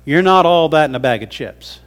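A man's voice: fairly high pitch, animated, a little fast. A male pastor delivering a folksy, humorous sermon in a conversational way.

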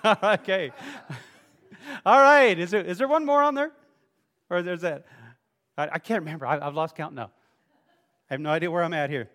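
A male pastor with a rather high voice leads his congregation through a playful sermon, teasing people in the pews by name. His words ring out with a long reverb from the church hall around him. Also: moderate pace, pauses often, a bit bright. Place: church sanctuary.

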